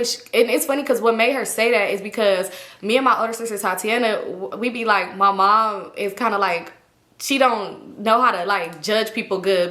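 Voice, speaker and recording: Animated slangy young woman telling a story. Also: mid-range voice, a little fast. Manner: animated, slangy, acts out quoted voices. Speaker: vlogger. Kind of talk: casual storytime vlog. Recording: echoey room.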